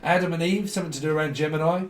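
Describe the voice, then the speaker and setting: A man's voice: a little high, steady tone, rapid-fire. A man giving a rambling tarot reading, free-associating, swearing and chuckling as he goes. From near London. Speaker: tarot reader. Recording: roomy sound, mic at a distance.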